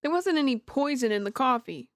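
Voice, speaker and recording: A woman voicing an earnest young male defense attorney with a quick, earnest delivery. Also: high voice, lively intonation, no room sound, studio quality.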